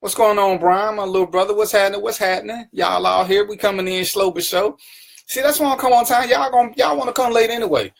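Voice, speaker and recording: A man's voice: high voice, steady tone, fairly quick, creaky. A man hosting his own live stream, greeting viewers by name and teasing them in casual, playful banter. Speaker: livestream talk show host.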